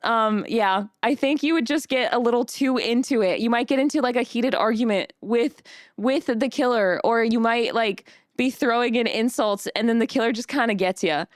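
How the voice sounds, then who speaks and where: A woman's voice: on the high side, normal speed, no room sound, clean studio sound. A woman streamer chatting casually with her live chat, bubbly, reading messages aloud and laughing often.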